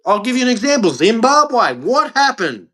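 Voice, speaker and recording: A man's voice: very high voice, very animated, normal speed, a bit bright. A man with an Australian accent, ranting bluntly and angrily to camera in a profane vlog monologue. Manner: blunt, angry and profane, with heavy emphasis. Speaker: vlogger.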